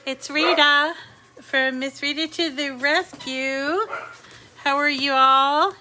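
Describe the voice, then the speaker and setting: A woman's voice: sits high, steady tone, takes it slowly, background noise. A middle-aged woman hosting a casual live crafting chat from home, chatty and rambling with many fillers. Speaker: crafting channel host. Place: home craft room with dogs and a squeaky toy.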